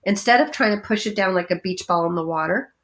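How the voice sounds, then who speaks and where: A woman talking as a podcast guest about breathing exercises, animated, dropping into playful voices for her inner thoughts. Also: fast talker. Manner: lively, acts out inner voices with big pitch jumps. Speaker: guest energy healer. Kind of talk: podcast interview, coaching talk.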